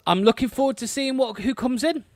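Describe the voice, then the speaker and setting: A man's voice: extremely high pitch, a little fast, dry recording, clean studio sound. A man co-hosting a long live fan stream from home, blunt and casual in his banter. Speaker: fan podcast co-host.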